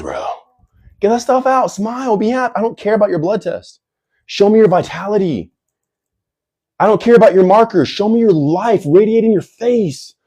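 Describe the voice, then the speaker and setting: A man hosting a casual livestream Q&A. He is brash and hyped, full of slang, and now and then bursts into shouting. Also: high voice, husky. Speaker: livestream host.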